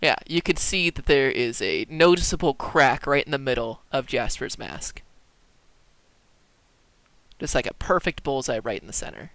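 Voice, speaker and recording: A man's voice: medium pitch, animated, normal speed, fairly bright tone, dry recording. A man narrating as dungeon master in a casual tabletop game, talking loosely with many fillers. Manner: loose, filler-heavy descriptions.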